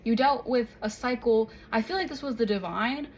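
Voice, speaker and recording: A woman's voice: on the high side, moderate pace, a little hiss or hum, poor audio. A woman giving a casual tarot reading, chatting along and checking in with "okay?" and "all right?" after her points. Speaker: tarot reader.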